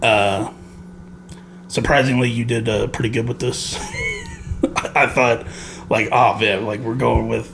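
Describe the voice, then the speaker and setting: A man's voice: medium pitch, wildly swooping pitch, slow pace, gravelly, pauses often. Male co-host, casual game podcast, rambling and laugh-prone, faint room noise. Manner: laughs often, rambling with many fillers. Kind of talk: casual game review chat.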